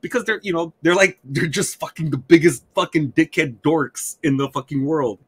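A man co-hosting a podcast in casual chat, excitable and profane as he rambles. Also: fairly high pitch, moderate pace, breathy edge. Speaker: podcast co-host.

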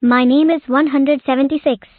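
A bubbly female number block from a cartoon, voiced by a woman, calls out her name in a high voice. The delivery is flat and announcing. The sound is tinny and phone-like, and completely dry. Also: moderate pace, no room sound, natural voice.

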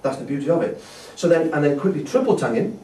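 A man's voice: a little high, very animated, quick pace, mellow, far from the mic. Echoey male brass teacher in a hall. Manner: patient, demonstrates by sounding syllables. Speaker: brass instructor. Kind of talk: masterclass teaching. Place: festival hall.

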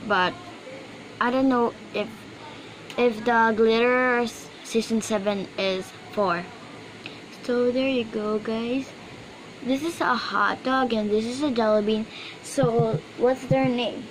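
Woman doing a toy unboxing, kinda high voice, slow and rambly, lots of um and like. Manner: rambling and hesitant, with many fillers. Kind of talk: casual unboxing chat. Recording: noisy room background.

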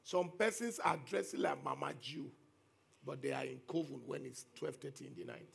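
A man's voice: mid-range voice, moderate pace, vocal fry. A man, a pastor preaching an emphatic sermon that repeats key phrases.

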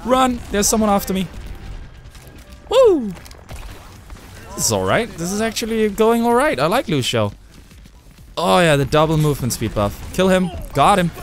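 A young man giving excitable live gameplay commentary, with loud outbursts and swearing. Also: sits high, a little fast, soft background music. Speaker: gamer streamer.

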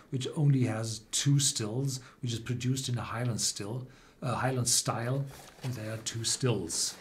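A man, a German native speaker, hosting a whisky tasting livestream and explaining the regions with many pauses and restarts. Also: mid-range voice, a little mellow, a little hiss or hum. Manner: hesitant, many fillers and restarts.

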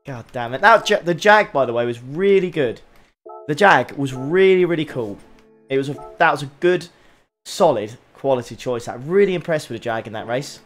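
A man's voice: mid-range voice, a bit bright. A young man streaming a racing game, groaning and scolding himself over his mistakes with sighs and short outbursts. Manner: frustrated, self-critical muttering with frequent groans and sighs. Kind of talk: live racing game commentary.

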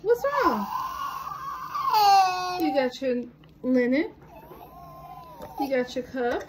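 A woman with a high, lively voice talks slowly and playfully as she guides her small son through a recipe. Her coaxing has an easy, teasing warmth to it. The home recording carries a clear layer of background noise. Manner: playful, coaxing, giggly encouragement. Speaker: mother cooking with her young son. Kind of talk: casual home cooking vlog.

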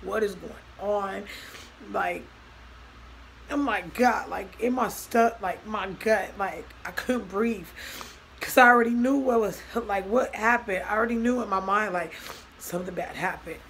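A woman's voice: mid-range voice, moderate pace, a bit bright, slight background noise, low-quality recording. A young woman vlogging a personal story, talking loosely and acting out both sides of each conversation. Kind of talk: storytime vlog.

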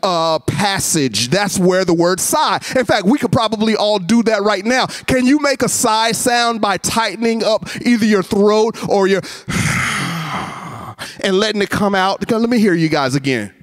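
A man giving a chapel sermon, telling stories in a lively way and acting out voices. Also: high-pitched, moderate pace, few pauses. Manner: animated storytelling, acts out voices. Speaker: chapel speaker. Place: college chapel with a masked audience.

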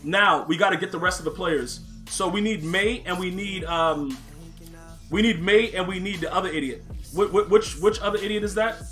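A man's voice: sits high, moderate pace, fairly bright tone, faint music behind. A man streaming a football video game live, talking brashly and casually to his chat, full of slang and trash talk. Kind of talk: live-stream gaming commentary.

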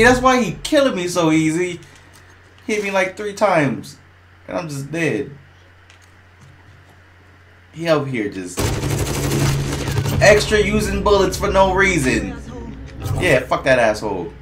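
Man streaming a shooter game: high, lively voice, unhurried, trash-talking, noisy background. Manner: excitable, trash-talking, laughs often, yells at opponents. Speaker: gamer streamer. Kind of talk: gameplay commentary.

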